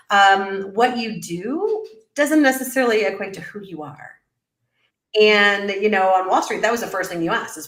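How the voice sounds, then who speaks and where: A middle-aged woman, a business coach guest in an interview, telling her story in an animated way and acting out her own past remarks. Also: medium pitch, roomy sound. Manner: animated storyteller, quotes herself in lively voices. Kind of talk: conversational interview.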